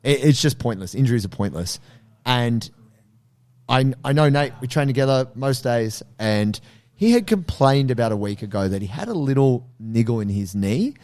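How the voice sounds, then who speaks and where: Male podcast co-host, mid-pitched, lively storyteller who acts out scenes. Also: normal speed. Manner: animated storyteller acting out his own reactions. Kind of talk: casual podcast chat.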